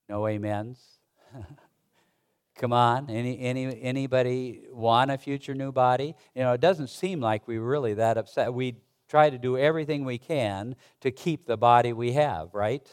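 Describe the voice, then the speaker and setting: A man, a pastor, preaching a sermon in a halting, conversational way with many restarts, reading old-fashioned scripture aloud. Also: medium pitch, smooth.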